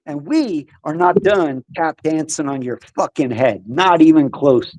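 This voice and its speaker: A young American man hosting a podcast, ranting loudly about politics with a combative, profane manner. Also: fairly high pitch, measured pace, hardly any pauses. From United States. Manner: loud, combative, swearing. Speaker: podcast host.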